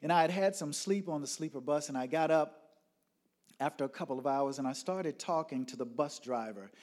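A man telling a personal story dramatically, moving from loud outbursts to hushed whispers. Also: fairly high pitch, a little fast.

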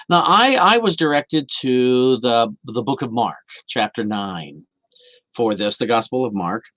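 A man delivering a sermon as minister to a camera for a livestream, earnest and animated. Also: medium pitch, dry recording. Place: indoor room of a church.

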